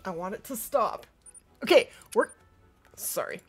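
A woman's voice: mid-range voice, lively intonation, a little slow, husky, faint music behind. A woman hosting a casual gaming livestream, chatting with viewers by name while she has the hiccups. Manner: chatty, greets viewers by name, laughs often.

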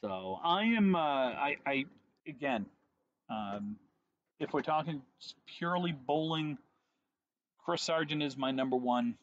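A man's voice: on the high side, lively intonation, measured pace. A man in his forties co-hosting a podcast, chatting casually on an outdoor deck in a wry, teasing way. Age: 40s. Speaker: podcast co-host. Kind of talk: casual chat. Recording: dull lo-fi sound.

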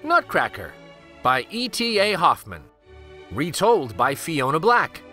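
A man hosting a children's read-aloud channel, reading a picture book in an expressive, lively storytelling way. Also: a little high, slow, soft background music.

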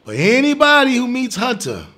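A male comedian telling a personal story in an interview, animated and casual, swearing now and then and getting loud when excited. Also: extremely high pitch, normal speed.

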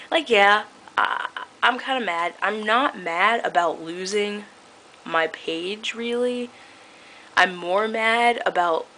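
A woman's voice: medium pitch, a bit bright, slight background noise, low-quality recording. A young woman vlogging into a webcam, talking casually and sarcastically, with lots of fillers and laughs. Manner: chatty, filler-heavy, laughs often, sarcastic. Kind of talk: casual vlog rant.

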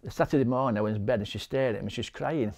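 A middle-aged man with a Yorkshire accent giving a halting personal testimony, often repeating words and acting out what people said. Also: mid-range voice, gravelly, darkish tone. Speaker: interviewee, bereaved husband.

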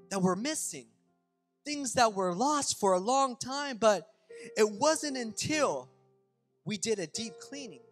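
A middle-aged male pastor delivers a lively sermon, rising to loud bursts and dropping to near-hushed lines, with a high-pitched voice that rings through a long church reverb. Faint music sits underneath. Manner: animated preaching, swings from loud to hushed; casual, addresses crowd as y'all. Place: church sanctuary.

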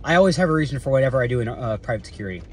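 This time the security guard vlogger races along in a mid-range, expressive voice with a breathy edge, eating mid-sentence. Filming near his car, he rambles loosely, swears casually, and keeps restarting amid many fillers.

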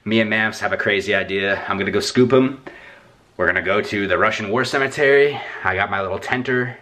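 Rambling, excitable young man vlogging. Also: lowish voice, a little fast. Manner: rambling, excitable, swears casually. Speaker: YouTuber. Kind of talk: casual vlog chat to camera. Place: indoors at home, bedroom.

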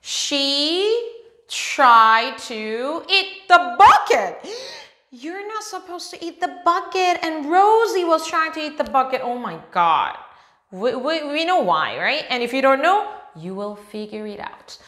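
A woman teaching English to young children, animated, with gasps and slow repetition. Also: high voice. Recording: echoey room.

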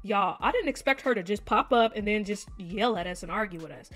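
A woman hosting a gaming video, chatting casually to viewers and reading game text aloud in an expressive way. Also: medium pitch, fairly quick, soft background music. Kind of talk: casual let's-play commentary to viewers.

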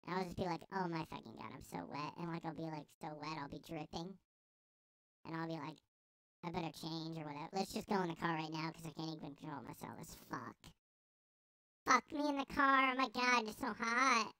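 A man's voice: fairly high pitch, fairly even intonation, a little fast, creaky, smooth, no echo, pitched above the performer's own voice. A man voicing a young woman who gushes crudely over her boyfriend's fights, in a breathless, exaggerated comic parody. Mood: gushing. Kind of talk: comedic parody.

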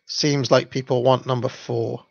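A man's voice: mid-range voice, flat delivery, measured pace, gravelly, dry recording, highs cut off. A man hosting a livestream, reading children's stories aloud and commenting in a chatty, hesitant way with fillers and laughs. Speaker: channel host.

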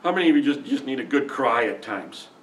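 A man's voice: medium pitch, expressive, a little fast, slight background noise. Middle-aged pastor guy preaching, emotional and folksy, sounds a bit far from the mic. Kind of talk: sermon. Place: church sanctuary.

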